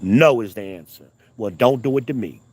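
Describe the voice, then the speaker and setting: A man, a father of two daughters, delivering a casual, heated rant, emphatic and repetitive, often rising in pitch. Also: normal speed, a little mellow, husky. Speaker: commentator.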